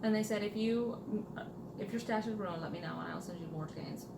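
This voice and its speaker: A woman's voice: mid-range voice, brisk. Chatty woman in a roomy room. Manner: chatty, animated storyteller. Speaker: podcast co-host. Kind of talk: casual chat. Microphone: table mic, sits back from it. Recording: roomy with background noise.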